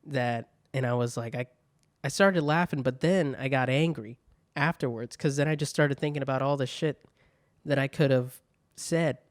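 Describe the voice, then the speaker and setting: A man's voice: mid-range voice, normal speed, no room sound, studio quality. A young man hosting a solo podcast, telling stories in a casual, profane way. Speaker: podcast host.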